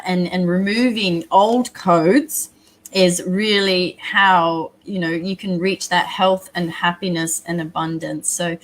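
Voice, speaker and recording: A woman from Australia with a Canberra accent, a life coach guest talking earnestly about her work in a casual interview. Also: lowish voice. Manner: earnest, self-deprecating, quick to laugh.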